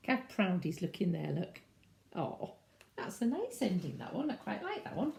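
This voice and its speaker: A woman reads a children's story aloud, her voice bouncing up and down with chatty asides. Her tone is mellow, with a gravelly edge. The roomy echo of a room at home surrounds her. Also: mid-range voice, moderate pace. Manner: animated, chatty asides to young listeners. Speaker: teacher reading to children.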